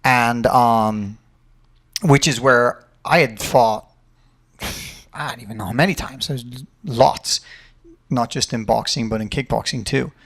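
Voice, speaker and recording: A man, a fight coach and podcast host, telling an animated, profane story casually. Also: medium pitch, measured pace, long pauses. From Ireland.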